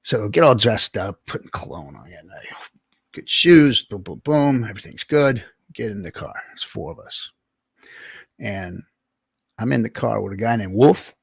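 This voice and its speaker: A middle-aged man from California hosts a livestream and tells an animated, swear-filled anecdote. His voice is gravelly and sits at an ordinary pitch. The sound is dry and close. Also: no room sound. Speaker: livestream host. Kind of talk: casual storytelling on a livestream.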